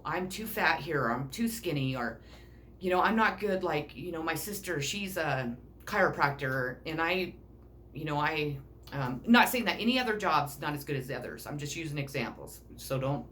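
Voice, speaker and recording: A woman's voice: deep voice, a bit bright, slight background noise. A middle-aged woman giving a casual self-help talk, blunt and rambling, swearing freely. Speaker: personal growth speaker.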